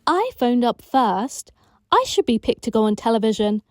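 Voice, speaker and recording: A woman's voice: normal speed, no echo, clean studio sound. A woman voicing a bold, bossy ten-year-old girl in care, brash and boastful. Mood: amazed. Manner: brash, boastful, shrill when excited.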